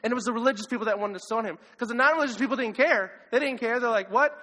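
A man preaching a sermon as pastor, animated and acting out the voices of others. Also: very high-pitched, very fast. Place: church hall. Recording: long hall reverb.

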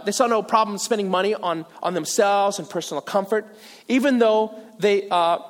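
A man from Virginia preaching a sermon as pastor, animated and self-deprecating, with asides and restarts. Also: high-pitched. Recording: long hall reverb.

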